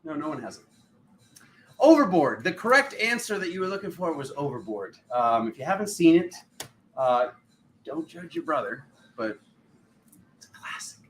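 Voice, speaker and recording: Excitable, lively-voiced male streamer. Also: fairly high pitch, normal speed, long pauses, a little hiss or hum. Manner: animated, excitable, laughs often, greets viewers by name. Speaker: spiritual livestream host. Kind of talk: casual livestream chat.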